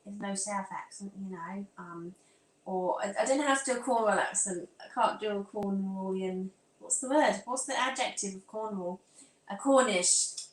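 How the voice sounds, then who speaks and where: A woman's voice: medium pitch, moderate pace. A woman from England with a near-standard southern English accent, hosting a casual live stream from home. She chats to viewers while fiddling with her phone and laptop, scattered and talking to herself. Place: room at home. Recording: echoey room with faint ambience.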